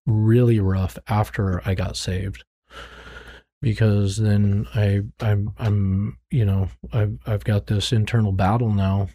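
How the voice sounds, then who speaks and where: A middle-aged man, once a drug dealer and now a ministry worker, tells his story as a guest in a conversation. He's earnest and frank, often repeating words while searching for the right ones. His lowish, dark-toned voice is delivered flatly and slowly in a dry recording.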